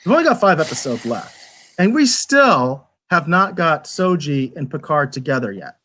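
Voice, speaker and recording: Male podcast reviewer, slightly high voice, rambling and animated, exasperated. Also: normal speed. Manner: rambling, repeats words when restarting. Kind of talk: casual review chat.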